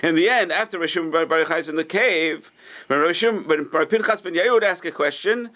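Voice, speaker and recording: A rabbi teaching a Torah class to a live group, speaking quickly. He tells stories with animation, acts out quoted speech with sudden high lifts, and addresses the room by putting questions to his listeners.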